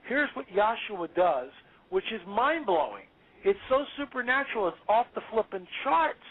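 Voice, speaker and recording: A male author talking as an interview guest, emphatic and preachy, quick to exclaim. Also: sits high, sing-song. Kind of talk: animated interview talk. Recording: tinny phone-line audio.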